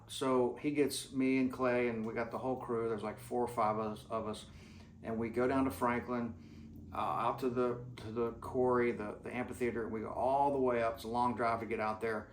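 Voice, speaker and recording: A man's voice: medium pitch, echoey room. A man telling rambling, folksy stories in a casual way, full of restarts and fillers. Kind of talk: casual storytelling.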